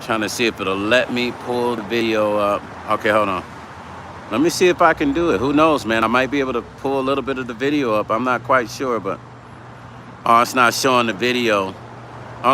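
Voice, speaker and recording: A man's voice: medium pitch, pushed and bright, a little hiss or hum. A man chatting casually on a livestream, reading viewer comments aloud and talking bluntly with plenty of swearing. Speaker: vlogger hosting a livestream.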